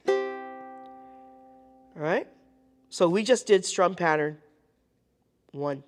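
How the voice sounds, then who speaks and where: A woman's voice: fairly low pitch, drawn-out words, long pauses, loud music behind the voice. A woman teaching a live group ukulele lesson, counting beats aloud and checking in with the class. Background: ukulele playing.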